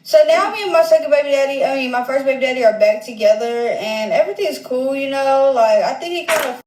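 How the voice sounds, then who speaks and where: A woman's voice: sits high, expressive, quick pace, a little mellow, slight background noise. A woman casually telling a personal story in a slangy, rambling way, full of fillers and self-corrections. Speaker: storyteller in a clip. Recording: roomy echo.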